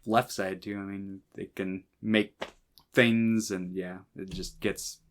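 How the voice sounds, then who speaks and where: Male podcast co-host, low-pitched, meandering and loose, swears casually. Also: fairly even intonation, takes it slowly, a little hiss or hum. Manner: rambling, many fillers, casual swearing. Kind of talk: casual film discussion chat.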